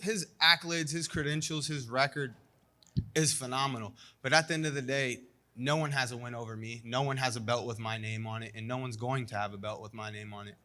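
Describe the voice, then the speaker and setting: Brief: young male fighter, brash and self-assured, crisp bright tone, casual post-fight interview. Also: mid-range voice. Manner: confident, cocky trash talk with frequent "you know".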